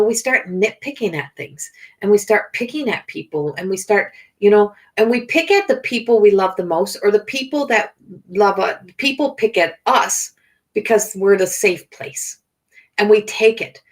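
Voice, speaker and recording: Rambling, conversational middle-aged woman. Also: medium pitch. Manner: rambling, conversational, with frequent "you know" and "so". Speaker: spiritual healer and life coach. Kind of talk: casual livestream talk.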